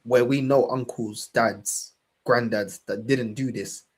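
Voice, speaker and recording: A man's voice: mid-range voice, steady tone, slow pace, slightly rough. A young man with a London accent, hosting a fan channel and talking with fiery, swearing passion, calling everyone "bro". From England. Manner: impassioned, swearing, repeats "bro". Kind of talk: casual podcast chat.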